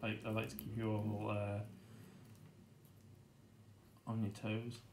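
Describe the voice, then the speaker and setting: A British man hosting a board game unboxing, chatting casually and getting easily excited, laughing to himself. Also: on the low side, normal speed, noisy background.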